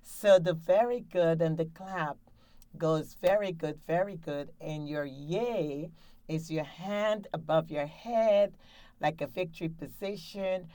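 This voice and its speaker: A woman with a low, warm voice hosts a laughter exercise show from a studio, speaking unhurriedly with no echo. As a laughter yoga coach, she guides breathing and cheers listeners on in an upbeat way.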